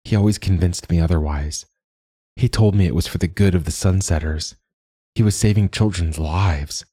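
A man voicing a calm, earnest young female recruit in an audiobook story. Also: low-pitched, normal speed, breathy edge, no echo, clean studio sound.

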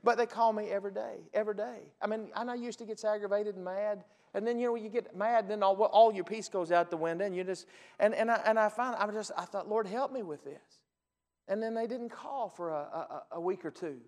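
Folksy pastor preaching in a reverberant hall. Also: male voice, high voice, fast talker. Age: 40s. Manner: folksy storytelling, acts out phone calls, rises to loud preaching. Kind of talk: sermon.

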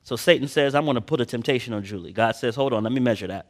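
A man preaching a sermon, reading scripture slowly and swinging between loud emphatic passages and quiet personal asides. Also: medium pitch. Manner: slow drawn-out Bible reading.

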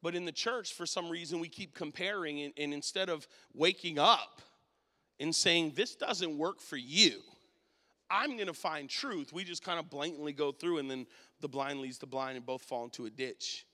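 A man preaching a sermon and telling a personal story, his voice swinging from quiet to loud. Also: a little high, steady tone, moderate pace, in a large hall.

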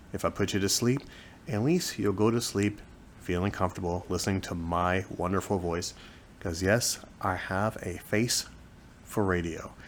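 A man in his forties hosting his own podcast from home, talking in a joking, self-mocking monologue that swings between loud bursts and soft asides. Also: on the low side, a little hiss or hum. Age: 40s. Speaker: podcast host. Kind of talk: casual comedic monologue. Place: living room at home, on a couch. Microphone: microphone close in front of his face.

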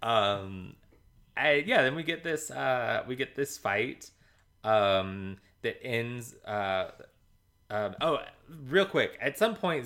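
Man, podcast co-host, slow, hesitant, lots of ums, bright, lowish voice. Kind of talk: casual rewatch podcast chat.

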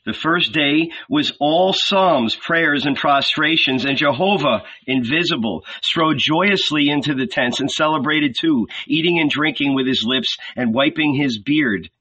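A man reading a novel aloud, slow and measured, with a bright but husky tone. He pauses often between phrases, and the recording sounds dull and lo-fi. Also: fairly high pitch. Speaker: audiobook reader. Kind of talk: scripted literary narration.

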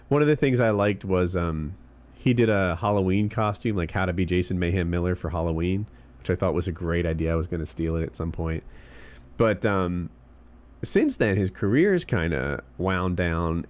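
A man co-hosting a casual podcast, chatting loosely with lots of fillers. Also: low-pitched. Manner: relaxed, rambling, trailing fillers. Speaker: podcast co-host. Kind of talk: casual podcast chat, reading tweets aloud.

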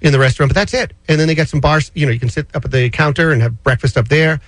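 Speaking at a racing pace in a fairly high, slightly bright voice, a man hosts a casual radio talk show. He rambles chattily through listener finance questions, full of fillers and restarts, with no echo on the audio.

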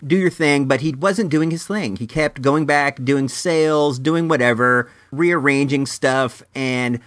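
A man's voice: mid-range voice, unhurried, fairly bright tone, dry recording, clean studio sound. A man hosting a podcast who tells a personal story casually and acts out both sides of an argument. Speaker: podcast host.

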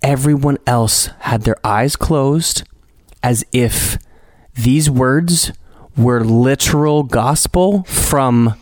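A young adult man co-hosting a podcast, telling a story in casual chat, measured and a little wry. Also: mid-range voice, a little mellow, no echo, clean studio sound. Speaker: podcast co-host, husband.

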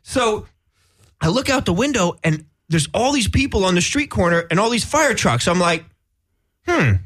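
High-voiced man telling a wild story. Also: normal speed. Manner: loose, profane, animated storytelling with acted-out quotes. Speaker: podcast co-host. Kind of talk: casual storytelling chat.

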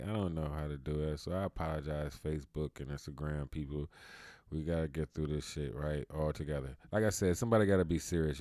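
A man's voice: extremely low pitch, dark tone, no echo, studio quality. A man with hosting a podcast, telling stories in a casual comedic ramble full of fillers and laughter. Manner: rambling, laughing, filler-heavy street talk. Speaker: podcast host.

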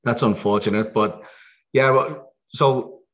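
A man in his late forties from Liverpool with a Scouse accent softened by American speech, telling stories easily in a casual interview. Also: mid-range voice, steady tone, slow pace, muffled recording. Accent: Liverpool (Scouse), with some American. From Liverpool, England. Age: late 40s. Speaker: guest, EMS worker.

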